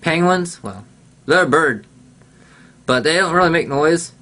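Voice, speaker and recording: A man's voice: fairly high pitch, expressive, measured pace, bright, forceful tone. A man, a pastor, chatting casually over a video call, rambling and breaking into squawking bird imitations.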